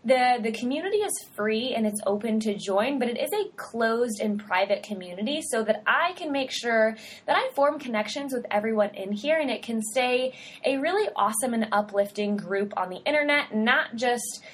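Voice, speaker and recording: A woman's voice: on the high side, animated, normal speed. Upbeat young woman hosting a podcast. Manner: upbeat and chatty, casual slang. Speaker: podcast host and dietitian. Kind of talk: solo podcast intro.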